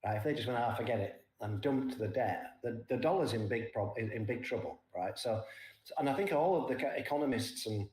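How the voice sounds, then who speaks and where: An older man giving plain, casual market talk as a trading guest, often ending his points with a quick "right?". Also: medium pitch, lively intonation, darkish tone. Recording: echoey room.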